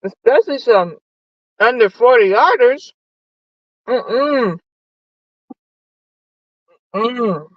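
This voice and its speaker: A woman hosting a casual, profane sports chat from her parked car while eating lunch, animated and nosy. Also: a little high, drawn-out words, pauses often, no echo, dull audio. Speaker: sports podcast host. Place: parked car in a parking lot.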